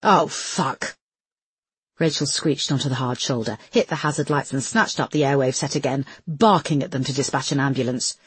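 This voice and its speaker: A woman's voice: very deep voice, steady tone, fairly quick, few pauses, slightly rough, no echo. A woman reading an audiobook as its narrator in dramatic, scripted storytelling.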